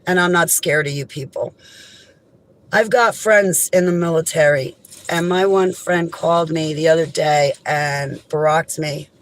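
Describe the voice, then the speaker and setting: A woman speaking straight to her viewers in an impassioned, emphatic monologue. Her indignation comes through in raised outbursts that drop into low, heavy lines. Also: measured pace, low-quality recording. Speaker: vlogger. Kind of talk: direct-to-camera monologue.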